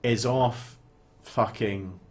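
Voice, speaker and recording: A man co-hosting a casual film chat, retelling scenes with animated storytelling and frequent swearing. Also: fairly low pitch, very slow. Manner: animated storytelling, swears freely, quotes characters in little voices. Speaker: podcast co-host.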